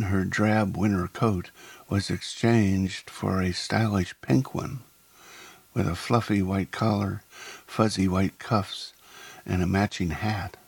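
Man, audiobook narrator, breathy low voice, dry close recording, unhurried and descriptive. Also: no echo. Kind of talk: first-person audiobook narration.

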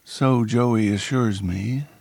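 A man's voice: mid-range voice, slow pace, creaky, a little mellow, no echo, voice pushed up. A man doing a coolly polite crime boss. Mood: measured. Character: smooth, calculating male crime boss.

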